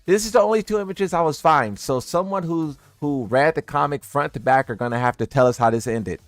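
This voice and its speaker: A man's voice: fairly high pitch, a little fast, dry recording, soft background music. A man doing casual commentary for his viewers. He sounds incredulous and teasing, and he laughs at what he reads. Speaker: gaming content creator.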